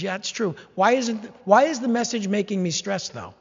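A man preaching a sermon, animated and humorous, slipping into mock-whining voices as he acts out complaints. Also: high voice, moderate pace, creaky, breathy edge, big-room sound, lo-fi sound. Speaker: pastor.

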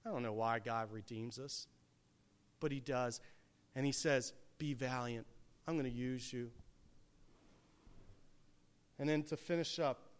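A man preaching a sermon, swinging from hushed, quiet passages to loud, emphatic peaks. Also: mid-range voice, unhurried, pauses often.

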